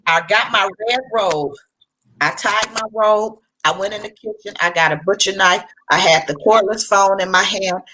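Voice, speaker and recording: A woman's voice: medium pitch, normal speed, noisy background. A middle-aged woman recounting a personal story as a panel guest, earnest and conversational. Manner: earnest, conversational, with restarts and colloquial speech.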